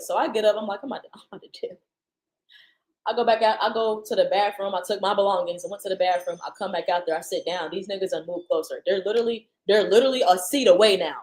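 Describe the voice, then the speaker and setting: A woman hosting a livestream, telling a story in casual slang with lively, animated delivery on a computer's built-in mic. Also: medium pitch, low-quality recording. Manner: slangy, animated, talks loudly at times. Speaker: livestream host. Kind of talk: casual storytelling to a live audience. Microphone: computer's internal mic.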